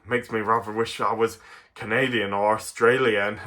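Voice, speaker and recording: Bright-voiced rambling English man. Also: fairly low pitch, steady tone, unhurried. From England. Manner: rambling, full of fillers and restarts, chuckles often. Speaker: toy reviewer. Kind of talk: casual video review.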